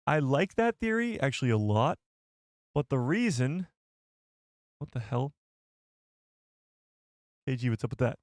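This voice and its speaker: A man's voice: mid-range voice, big pitch swings, unhurried, pauses often, no echo, studio quality. A young man hosting a casual livestream, reading viewer comments aloud and laughing at himself. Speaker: livestream host. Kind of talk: casual live chat.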